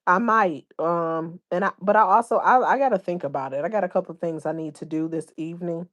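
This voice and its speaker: A woman with a slightly low voice hosts a casual livestream, reading viewers' comments aloud. Her talk is loose and full of everyday slang, easygoing and chatty. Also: a little fast, a bit bright. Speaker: livestream host.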